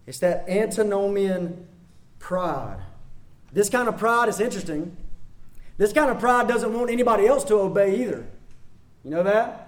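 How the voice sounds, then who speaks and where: A man with a strikingly high voice delivers a sermon. He preaches emphatically, hammering key phrases again and again and tossing rhetorical questions at his listeners. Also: lively intonation, measured pace, darkish tone.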